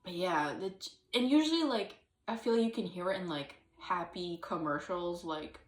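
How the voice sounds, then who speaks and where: A woman with a fairly low voice talks casually to the camera at a normal pace with few pauses, recorded from a distance in a roomy space. It's a solo vlog chat where she rambles, uses lots of fillers and hesitant restarts, and occasionally slips into sung or acted snippets.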